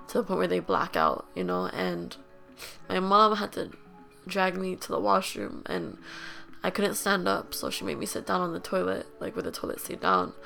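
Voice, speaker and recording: A woman's voice: medium pitch, vocal fry, a bit bright. A young woman hosting a podcast, telling a personal story in a candid, rambling way, full of "like" and fillers. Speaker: podcast host.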